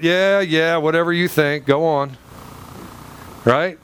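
A man's voice: fairly high pitch, steady tone, takes it slowly, a bit bright, slight background noise. A male pastor preaching a sermon in a church, firing rhetorical questions with dramatic swings in his delivery.

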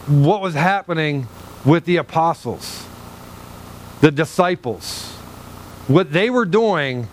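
Male pastor, high voice, lively humorous preaching on a church stage. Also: a little hiss or hum. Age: older than 37. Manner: animated, humorous, talks straight to the congregation. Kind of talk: sermon. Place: church sanctuary, on a low stage.

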